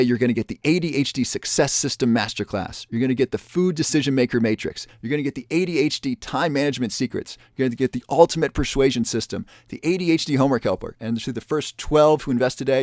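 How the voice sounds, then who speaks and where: A man presenting a webinar and making an upbeat sales pitch, repeating the offer with urgency. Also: a little mellow, dry recording, studio quality.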